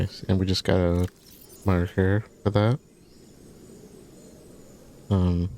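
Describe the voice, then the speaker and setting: A man with a very deep, gravelly voice casually talks through a game as he plays, musing to himself. His pitch stays flat, and faint noise sits under him. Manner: musing, casual, thinking aloud. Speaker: gaming YouTuber, biologist. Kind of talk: let's play commentary.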